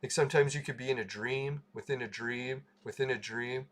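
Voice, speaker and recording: A man's voice: medium pitch, steady tone, fairly quick. A man hosting a casual livestream, telling a rambling story, laughing and swearing freely. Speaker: livestream host.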